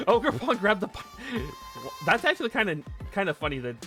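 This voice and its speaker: A man's voice: high-pitched, wildly swooping pitch, normal speed, long pauses. A man streaming casually, chatting animatedly and cooing at his cat. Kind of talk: casual live-stream chat. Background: faint background music.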